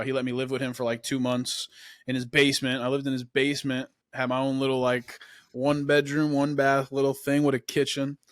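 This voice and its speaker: A man's voice: medium pitch, fairly bright tone, no room sound, studio quality. A young man hosting a podcast, telling his story in a casual, laid-back way, often saying "man" and "dude". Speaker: podcast host.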